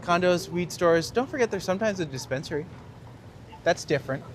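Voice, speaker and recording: A man's voice: high-pitched, a little fast, a little hiss or hum. A man hosting a walking tour livestream, chatting and joking casually as he walks city streets. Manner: joking, lively banter. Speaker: tour guide and streamer host.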